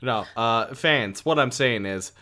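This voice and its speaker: A man's voice: mid-range voice, slow, pushed and bright. A man from Canada in casual podcast chat, easygoing and a little hesitant, often laughing. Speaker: podcast co-host.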